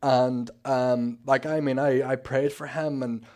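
A Northern Irish man shares his life testimony at a church service, his speech rambling and full of fillers and restarts. He sounds a little nervous, and his middle-pitched voice stays fairly flat in melody. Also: a little slow. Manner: rambling, many fillers and restarts, acts out quoted talk. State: a bit nervous. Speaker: church member giving testimony.

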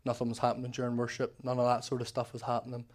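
Talking very fast with a completely flat delivery, this man has a medium-pitched, darkish voice. An ex-prisoner, he shares a rambling, emotional testimony of faith before a church congregation, often starting his sentences over.

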